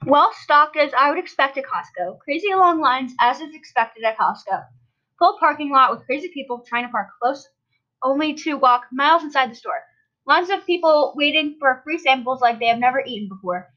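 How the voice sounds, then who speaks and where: Young woman reading stuff out on a podcast, high voice, dull mic. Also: expressive, moderate pace, sharp tone. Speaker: podcast co-host. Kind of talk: casual chat, reading reviews aloud. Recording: dull lo-fi sound.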